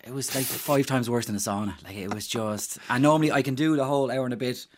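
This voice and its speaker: An Irish man who volunteers as a mascot, chatting on the radio with plenty of fillers and restarts. His voice sits at a mid pitch and he stays upbeat. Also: fast. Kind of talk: casual radio interview guest.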